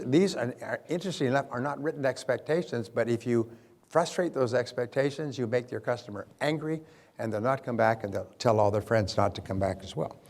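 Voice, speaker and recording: A man giving a business seminar talk, telling stories in a lively way with frequent restarts. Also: medium pitch. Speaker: business speaker and sales coach.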